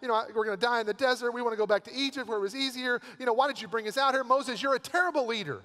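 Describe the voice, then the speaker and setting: Whiny complaining crowd played by a man, high and pushed, with church reverb. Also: very fast, sharp tone. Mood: whining. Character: whining crowd of fleeing Israelites. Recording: long church hall reverb.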